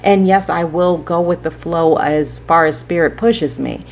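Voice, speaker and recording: Her voice sits fairly low and comes out unhurried, creaky, and a little mellow, with a faint hiss or hum behind it. She's a spiritual podcast host who rambles and preaches at her listeners, regularly tossing in "right?"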